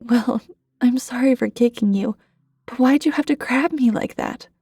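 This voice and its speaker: Frightened kid in a spoken horror story, a woman acting it out, pitched way up, shrill and panicked. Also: moderate pace, a little mellow, husky, no room sound, clean studio sound. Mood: tearful. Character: frightened young child, screaming for mom.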